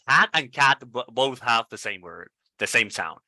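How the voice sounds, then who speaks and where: Man, Spanish native, English pronunciation coach, very bright voice, slow careful repetitions, dry close sound, video call. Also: mid-range voice, no room sound. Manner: slow, repeats words over and over to model sounds. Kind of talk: online pronunciation lesson.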